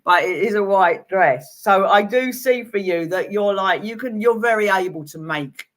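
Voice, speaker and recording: A woman's voice: medium pitch, normal speed. A woman giving a live-streamed tarot reading, chatty and giggly, laughing at her own jokes while reassuring viewers. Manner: chatty, giggly and self-amused; warm, reassuring advice to viewers. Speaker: tarot reader.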